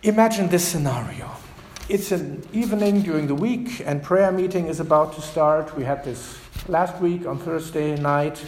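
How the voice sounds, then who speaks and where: A man preaching a sermon as pastor, asking rhetorical questions with dramatic pauses. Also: on the high side, a little mellow, a little hiss or hum. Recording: echoey church reverb.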